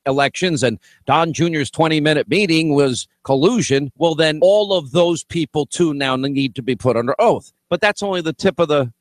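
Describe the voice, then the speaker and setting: A man hosting political talk radio, brash and animated, often restarting his sentences as he banters. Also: a little high, normal speed, few pauses, no echo.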